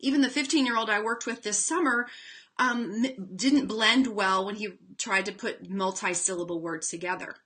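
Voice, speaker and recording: A woman reading teacher giving a casual instructional talk, chatty with fillers, slowing down to sound out words. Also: mid-range voice, a bit bright. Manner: chatty, demonstrates sounds slowly, frequent fillers.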